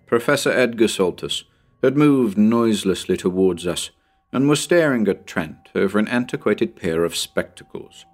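A man reading a short story aloud in an expressive, measured narration. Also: deep voice. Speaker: audiobook narrator.

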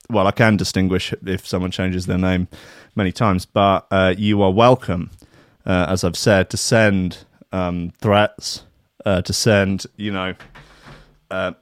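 A man's voice: fairly low pitch, clean tone, dry recording, clean studio sound. A man, working as a radio DJ, chatting casually and ranting sarcastically between records with plenty of swearing.

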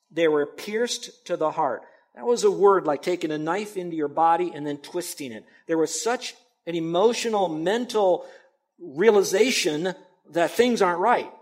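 A male pastor preaching an expository sermon, earnest and emphatic, swinging between loud stresses and quiet asides. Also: fairly high pitch.

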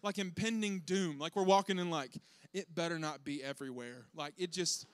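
A young man telling a funny family story to an audience, animated and self-deprecating, acting out his kids' voices. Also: fairly high pitch, moderate pace, no room sound.

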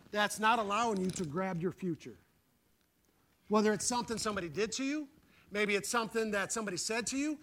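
A man preaching with fervor and folksy plain speech. His voice sits unusually high and rings out bright and forceful. He drives his points home and calls on the room for agreement. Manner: fervent, emphatic preaching with calls for "Amen"; folksy, plain-spoken storytelling. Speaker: pastor. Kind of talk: sermon.

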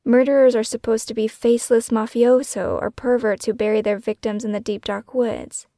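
A woman author reading her own memoir as scripted first-person narration, hushed and often falling into a breathy whisper. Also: fairly high pitch, level tone, normal speed, dry recording, clean studio sound. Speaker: author and podcast host.

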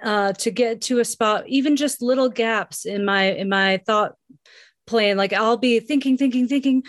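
A woman's voice: a little high, moderate pace, no echo, studio quality. A woman co-hosting a casual podcast chat, reflective and rambling, laughing often.

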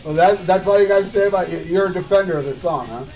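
Sarcastic high-voiced man, crude chat. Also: quick pace, darkish tone, faint music behind. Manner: sarcastic, swearing, laughing often. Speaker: podcast host reviewing albums.

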